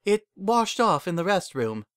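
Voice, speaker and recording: A man voicing a refined, proud young unicorn mare in a storybook reading, high, prim and anxious. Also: big pitch swings, a little slow, a bit bright, no echo, clean studio sound, heavily acted. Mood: flustered.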